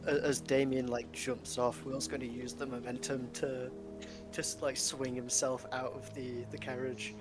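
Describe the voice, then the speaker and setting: A man's voice: mid-range voice, little pitch movement, unhurried, music in the background. Hesitant man describing his game character. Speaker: player. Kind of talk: casual tabletop play.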